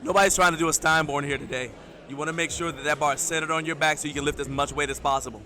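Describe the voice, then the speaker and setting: A man commentating live at a powerlifting competition, relaxed and explanatory, giving play-by-play and lifting tips. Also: a little high, very fast. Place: hotel event hall at a powerlifting meet.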